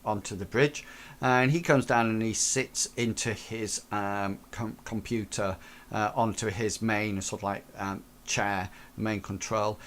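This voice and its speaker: A man narrating as game master of a tabletop role-playing game, talking hesitantly with many pauses and restarts. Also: on the low side, steady tone, fairly bright tone.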